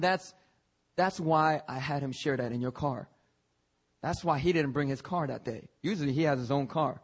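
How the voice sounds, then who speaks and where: A man's voice: mid-range voice, moderate pace, pauses often. A young man preaching a fervent church sermon, often breaking in with "hallelujah" in a sanctuary.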